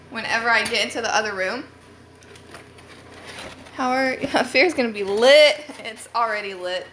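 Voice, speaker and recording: A fairly high-voiced young woman chats through a casual live stream from her phone at home. She rambles easily and leans on "like" as a filler. A faint hiss sits under her voice. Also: sharp tone. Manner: chatty and rambling, many "like" fillers.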